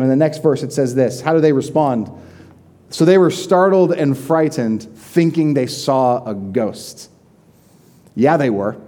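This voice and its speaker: A man's voice: medium pitch, mellow. A young man giving a sermon as a pastor, retelling the scripture in a conversational, vivid storytelling way with frequent fillers.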